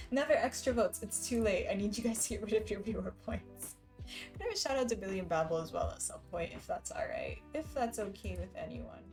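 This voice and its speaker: A woman streaming live, chatting loosely and giggling between remarks as she answers her viewers. Her voice sits at an ordinary middle pitch for a woman. Soft music plays quietly behind her. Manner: giggly, chatty, reads chat aloud. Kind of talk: casual live-stream chat.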